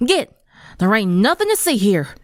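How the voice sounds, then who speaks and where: A woman's voice: medium pitch, big pitch swings, moderate pace, dry recording, clean studio sound, lightly acted. A woman voicing a tough, protective young country girl with a Southern US accent, commanding and threatening.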